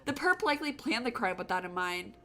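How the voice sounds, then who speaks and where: A woman voicing a cocky, callous male detective from a mystery game. He drawls in an exaggerated valley-girl manner, pitched a little high and full of swagger. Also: big pitch swings, a little fast, bright, forceful tone, exaggerated voice. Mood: brushing off.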